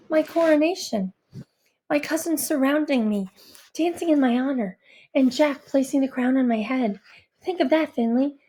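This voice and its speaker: A woman's voice: high-pitched, darkish tone. A woman reading a first-person novel aloud with an earnest, introspective, anxious delivery. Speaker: audiobook narrator. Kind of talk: first-person audiobook narration.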